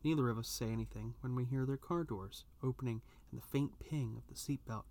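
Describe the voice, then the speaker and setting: A man reading a first-person story aloud, with an expressive delivery that rises at tense moments. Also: medium pitch, a little fast. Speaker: narrator.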